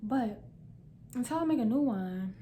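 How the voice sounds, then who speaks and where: A woman's voice: fairly high pitch, animated, unhurried, warm tone, slight background noise. A young woman vlogger telling a funny personal story in slangy casual talk, acting out her own lines. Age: young adult.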